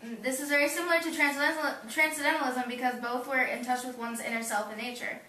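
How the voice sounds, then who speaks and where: Teen girl, reading notes aloud, bright and high, far off mic, echoey room. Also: steady tone, fast talker, slight background noise. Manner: reads text aloud plainly. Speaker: student presenter. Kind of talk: reading aloud for a class project.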